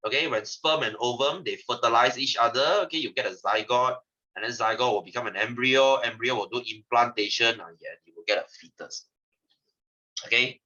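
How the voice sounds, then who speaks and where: A man's voice: medium pitch, brisk, pushed and bright, muffled recording. A man with a Malaysian English accent teaching a science class, teasing his students and laughing often. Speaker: science tutor. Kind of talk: joking classroom lecture.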